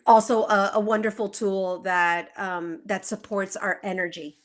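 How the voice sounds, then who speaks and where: A woman's voice: mid-range voice, flat delivery, measured pace. A woman who practices feng shui, explaining in earnest on a live video call, with many fillers and rhetorical questions. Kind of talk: conversational interview.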